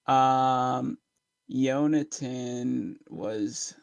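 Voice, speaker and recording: A man's voice: medium pitch, a little slow, gravelly, no echo. A young man playing in a tabletop game, rambling through a casual recap of the last session and laughing along the way. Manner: rambling, laughing, trailing off mid-thought. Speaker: player.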